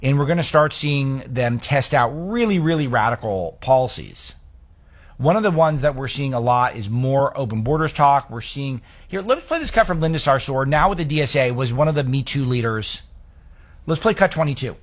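Male talk host, emphatic, sarcastic, mid-pitched, opinion monologue. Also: animated, moderate pace. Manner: emphatic, sarcastic rhetorical questions. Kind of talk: political commentary monologue.

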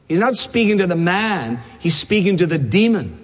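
Husky preacher in a reverberant hall. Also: male voice, high voice, sing-song. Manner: emphatic, repeats key phrases, slows to stress words. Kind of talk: sermon.

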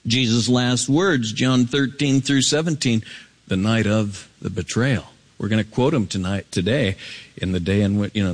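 A man preaching an expository sermon, swinging from soaring emphatic peaks down to low hushed asides. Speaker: pastor.

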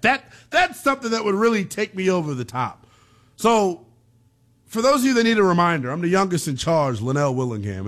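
Animated man hosting sports radio. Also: mid-range voice. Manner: animated, slangy, ranting. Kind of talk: call-in sports radio talk.

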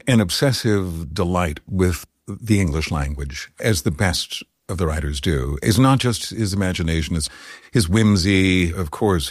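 Deep-voiced man, articulate and enthusiastic. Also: dry recording, studio quality. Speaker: interviewee, actor. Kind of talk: interview. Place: backstage at a venue.

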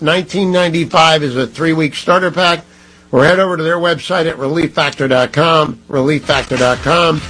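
Male talk radio host, middle-aged, husky, pushes the ad copy hard. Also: a little high, fairly bright tone, poor audio. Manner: emphatic, repeats phone numbers. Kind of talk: radio host reading live ads. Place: radio studio.

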